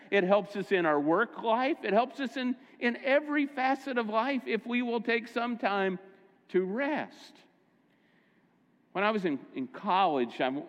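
A man's voice: sits high, in a large hall, lo-fi sound. A middle-aged man preaching a sermon as pastor, telling stories in a conversational way and correcting himself as he goes. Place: church sanctuary.

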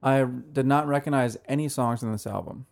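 A man's voice: mid-range voice, moderate pace, gravelly. A man co-hosting a casual podcast, describing beers and albums in an easygoing way, full of "like" fillers. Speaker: podcast co-host. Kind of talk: casual chat reviewing beer and music.

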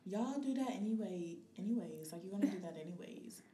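A young woman, co-hosting a podcast and telling stories in lively, slangy chat with frequent laughter. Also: mid-range voice, brisk, husky. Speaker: podcast co-host.

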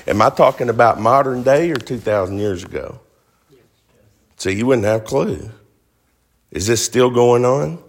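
A man's voice: lowish voice, a bit bright. A man preaching a sermon, emphatic, firing rhetorical questions at the congregation.

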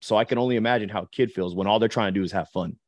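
A man's voice: lowish voice, racing, dry recording, studio quality. A man co-hosting a casual podcast, talking conversationally with lots of "like" and "you know". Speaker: podcast co-host.

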